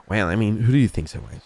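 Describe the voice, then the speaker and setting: A man's voice: fairly low pitch, a little fast, darkish tone. A man talking in character during a roleplay game, rambling and swearing, padding his lines with "you know what I mean.". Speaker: roleplay gamer.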